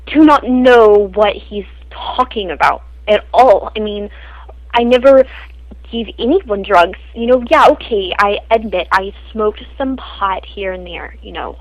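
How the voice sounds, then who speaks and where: A woman's voice: mid-range voice, no echo, natural voice, rough recording. A woman voicing a defensive young woman who indignantly and evasively denies accusations in an improvised comedy spoof.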